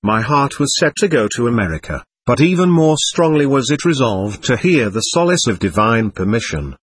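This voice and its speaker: Husky male audiobook narrator. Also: medium pitch, big pitch swings, normal speed.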